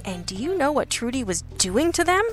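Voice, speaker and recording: A woman's voice: high-pitched, big pitch swings, fairly quick, faint music behind, voice pushed up. A woman voicing a cheerful, oblivious young man who runs a café, breezy and chipper, as an audiobook character. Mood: chatty.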